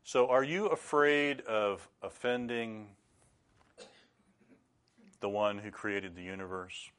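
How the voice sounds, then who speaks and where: Earnest low-voiced man preaching. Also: clean tone. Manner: earnest, measured preaching with sudden loud bursts. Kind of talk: sermon.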